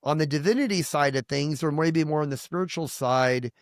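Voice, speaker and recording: A man's voice: fairly high pitch, a little fast, dry recording, studio quality. A man in his fifties, a pastor, telling his personal testimony in an earnest, rambling way, full of restarts and quoted prayers. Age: 50s. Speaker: pastor and guest.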